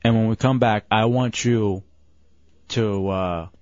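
Calm male radio show host. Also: lowish voice, slow pace, dry recording, muffled recording. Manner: calm, refereeing an argument. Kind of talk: live radio talk show banter.

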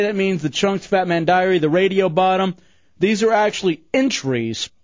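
A man's voice: a little high, darkish tone, dry recording. A male radio host talking in a jokey, teasing way. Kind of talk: radio talk. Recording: dry, dull lo-fi radio sound with faint music.

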